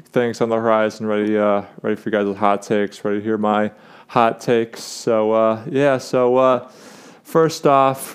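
A man's voice: lowish voice, creaky, clean tone. A young man hosting a casual sports talk show, rambling with lots of fillers and restarts as he gives his takes. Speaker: sports podcast host.

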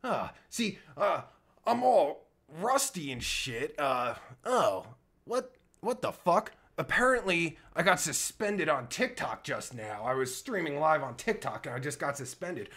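A crude, exasperated man rants live into his phone, his pitch jumping wildly from low grumbles to high squeals. He sounds worked up, swears constantly, and breaks off mid-sentence. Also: very animated, a little slow, a bit bright. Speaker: live streamer. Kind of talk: profane comedic rant. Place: at home, streaming live.

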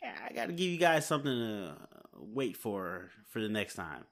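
A man's voice: fairly low pitch, sing-song, normal speed, a bit bright. Male podcast host, casual solo chat, tired and rambling, recording at home. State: hiccups. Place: home, late at night.

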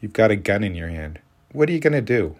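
A weary, blunt woman in her thirties, voiced by a man reading an audiobook pushes her words out with exasperated force. The voice stays deep and a little raised. It is steady storybook reading rather than full character acting. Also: quick pace. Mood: urgent.

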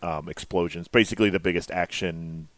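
A man with a very low voice chatting casually on a podcast. He is hesitant, often restarts his sentences, and trails off softly. The sound is dry and close. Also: steady tone, a little fast, no echo. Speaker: podcast producer. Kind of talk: casual chat.

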